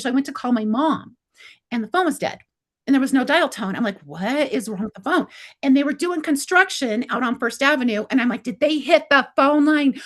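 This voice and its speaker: A middle-aged woman with a high-pitched voice tells a long personal story in a relaxed, conversational way. She keeps acting out the dialogue, slipping into the voices of herself and others with "I was like" and "he's like.". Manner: animated, acts out quoted dialogue with lots of "I was like". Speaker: guest telling her story. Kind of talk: casual storytelling.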